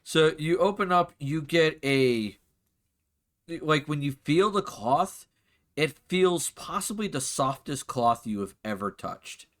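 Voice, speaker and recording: A man's voice: on the high side, expressive, slow pace, a bit bright. A man narrating a tabletop game as game master, casual and chatty with frequent fillers.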